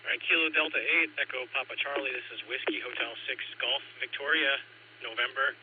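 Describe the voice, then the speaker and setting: A man checking in on a handheld radio while walking in his backyard, talking quietly and relaxed. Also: medium pitch, a little fast. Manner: quiet, relaxed, reads out call sign. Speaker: radio net caller. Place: outdoors in a backyard. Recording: tinny radio link with faint hiss.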